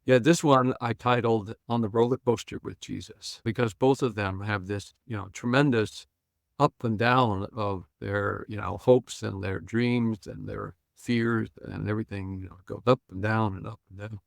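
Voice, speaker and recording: Low gravelly-voiced older man storytelling. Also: steady tone, moderate pace, no echo, clean studio sound. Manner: retells scenes acting out quoted lines, chuckling. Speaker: guest Bible scholar and pastor. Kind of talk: animated storytelling on a podcast.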